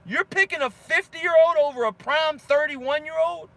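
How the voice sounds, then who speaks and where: A man with a strikingly high voice hosts a boxing channel and argues heatedly with viewer comments. His talk is fired-up and full of slang, and he repeats his points over and over for emphasis. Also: moderate pace, bright, forceful tone, no room sound.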